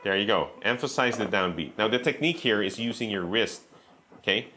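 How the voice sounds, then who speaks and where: A man with a fairly low voice teaches a beginner guitar lesson at a patient, steady pace. He explains each step, counts beats aloud and checks in with an okay. Loud guitar playing rings out behind him. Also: brisk.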